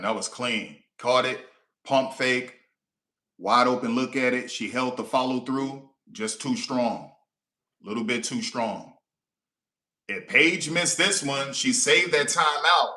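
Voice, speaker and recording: Stream host, man, loud slangy reactions, bright tone, roomy echo. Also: mid-range voice. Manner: animated, slangy, incredulous outbursts. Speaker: watch-along stream host. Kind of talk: excitable live reaction commentary.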